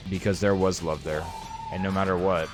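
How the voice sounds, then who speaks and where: A man's voice: low voice, steady tone, fairly quick, music in the background. A man in his thirties chatting on a live game stream, earnest and openly emotional, rambling as he talks to his viewers. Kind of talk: casual live-stream chat.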